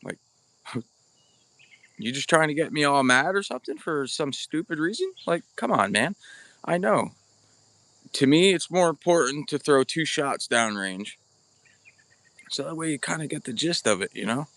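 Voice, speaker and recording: A man's voice: on the high side, lively intonation, moderate pace, long pauses, a bit bright, dry recording. Chatty bowhunter man, dry sound. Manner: chatty, greets viewers by name, blunt and informal. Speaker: bowhunting livestream host. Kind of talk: casual live-stream chat. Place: outdoors at an archery practice spot. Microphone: camera or phone mic without external microphone.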